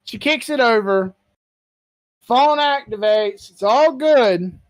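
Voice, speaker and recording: A woman hosting a podcast, telling a story in casual chat, animated and profane, acting out what others said. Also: fairly high pitch, slow pace, no room sound. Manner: animated storyteller, swears freely, acts out quotes; laughs while telling. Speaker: podcast host.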